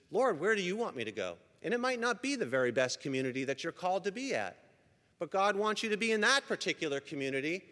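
Male pastor, sermon; bright, animated delivery, conversational and earnest; big reverberant church hall. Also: on the high side. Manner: earnest, conversational preaching with frequent restarts. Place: church sanctuary. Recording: long reverb of a large hall.

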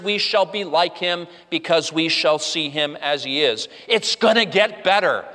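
A man's voice: sits high, bright, forceful tone. A man preaching a sermon to his congregation, earnest, with frequent "uh" restarts and a voice that rises and falls. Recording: long hall reverb.

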